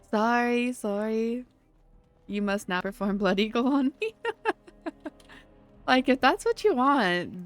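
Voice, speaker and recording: Slow-talking woman game streamer. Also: medium pitch, fairly bright tone, clean tone. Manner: chatty, giggly, answers chat. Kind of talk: casual live game commentary.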